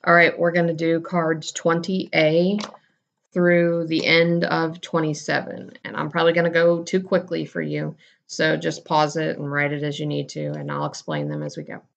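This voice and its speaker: A woman's voice: sits low, moderate pace, gravelly, highs cut off. A woman teacher giving a casual recorded lesson, explaining terms and correcting herself as she goes.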